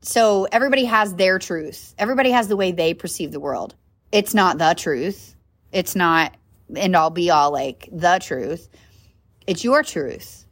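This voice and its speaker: A woman's voice: fairly low pitch, lively intonation, unhurried. A woman hosting a solo podcast in a casual, chatty way, with lots of fillers and frequent asides asking "right?". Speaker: podcast host and coach.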